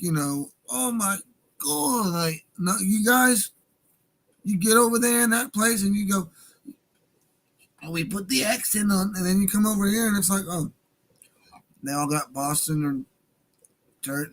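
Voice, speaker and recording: A man hosting a radio livestream in casual, rambling talk with loud laughing outbursts. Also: sits high. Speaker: radio show host.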